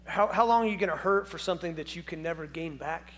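A man putting on a soft, gentle God. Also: on the high side, quick pace, lightly acted. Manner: soft, easygoing and kindly questioning. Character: gentle, loving God speaking softly to a grieving prophet.

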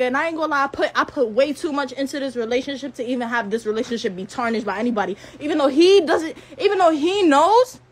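High-voiced, heated 18-year-old woman ranting. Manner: heated, profane, repeats phrases, stutters when upset. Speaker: live streamer. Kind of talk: angry rant on a live stream.

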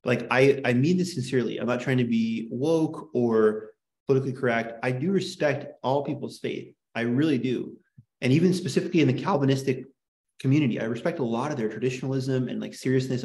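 A man's voice: mid-range voice, darkish tone. A man lecturing a small class in an impassioned, worked-up rant. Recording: echoey room.

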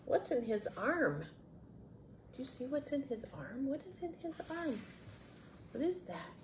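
A woman reads a picture book aloud to young children, pausing to ask them questions and talk about the story. Her voice sits high and swoops animatedly up and down. She takes her time, speaking slowly over a faint background hum. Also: very animated. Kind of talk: children's read-aloud with chatty commentary.

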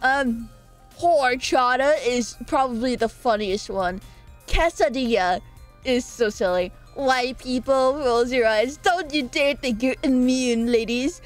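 A woman's voice: high-pitched, unhurried, faint music behind. A young woman chatting casually on a live stream from her own room, playful and giggly, rambling between greetings.

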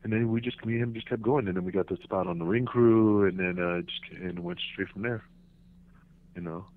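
A man, a former wrestler guesting on a podcast, telling stories in a lively, animated way and acting out the people in them. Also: lowish voice, a little fast. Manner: animated storyteller, acts out voices and laughs. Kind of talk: casual storytelling interview. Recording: tinny phone line.

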